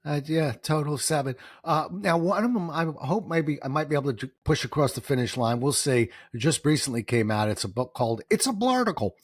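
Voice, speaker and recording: A middle-aged man, guest on an interview, telling stories in a lively way, acting out quoted voices and getting emotional. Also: on the high side, brisk, hardly any pauses, breathy edge, no echo, clean studio sound. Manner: animated, acts out quoted voices, gets emotional. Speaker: guest, author and speaker. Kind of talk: storytelling interview answers.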